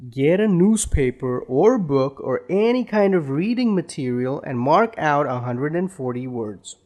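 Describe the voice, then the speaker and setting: Slow, animated male accent coach. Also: on the high side. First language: Indian. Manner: slow, deliberate, drawn-out explanations. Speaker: accent trainer. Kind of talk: instructional lesson.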